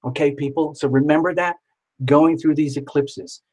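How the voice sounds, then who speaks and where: A man in the middle of a casual live stream, reading tarot for viewers. His voice sits at an ordinary pitch, and his talk runs chatty and excitable, full of jokes and asides to the people watching. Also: moderate pace, husky, rough recording.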